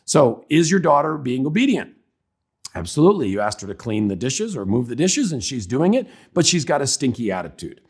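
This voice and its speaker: A man's voice: medium pitch, sing-song, fairly quick, darkish tone, husky. A man giving a Christian parenting talk in a conversational, humorous way. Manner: conversational, humorous, acts out examples. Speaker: parenting speaker.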